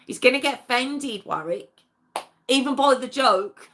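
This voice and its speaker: A woman's voice: high voice, slow pace, pauses often, fairly bright tone. A woman hosting a true crime livestream, chatting casually with viewers, answering their comments and laughing often. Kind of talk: casual live chat with viewers.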